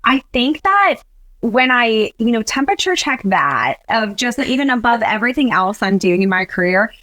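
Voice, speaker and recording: A bubbly young woman from Pittsburgh talks as a podcast guest, gushing and full of fillers. Her voice sits a little high. The recording is close and dry, with no room sound. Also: very animated, moderate pace, sharp tone, no room sound. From Pittsburgh, Western Pennsylvania. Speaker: guest, beauty school admissions director. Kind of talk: casual podcast interview.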